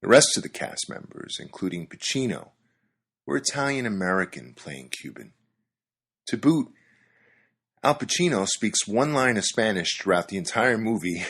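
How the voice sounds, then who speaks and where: A man's voice: low voice, fairly bright tone, husky. A man hosting a podcast, reading scripted narration with wry, dry-humored storytelling. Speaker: podcast host.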